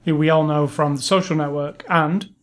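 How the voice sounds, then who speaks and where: Man, fairly high voice, casual movie chat, opinionated, chatty, restarts. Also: steady tone, moderate pace. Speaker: podcast co-host.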